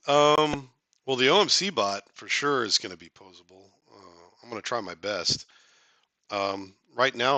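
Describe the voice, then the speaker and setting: Bright-voiced man rambling on a live stream. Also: fairly low pitch, no room sound. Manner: rambling, joking, with many fillers and restarts. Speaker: artist hosting a live stream. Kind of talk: casual live-stream chat.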